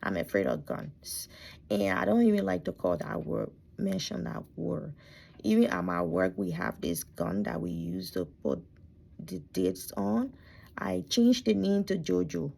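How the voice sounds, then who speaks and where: Gravelly-voiced woman, soft and near-whispered. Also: on the low side, big pitch swings, unhurried. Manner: soft and reflective, often dropping to a near whisper; emotional, close to tears. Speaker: vlogger telling her life story. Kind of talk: personal storytelling. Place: her bedroom.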